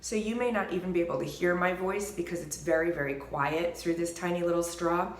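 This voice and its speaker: A woman vocal coach calmly explaining a gentle singing warmup, stopping to sing short demonstration syllables. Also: on the low side, brisk. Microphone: microphone. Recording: echoey room with piano.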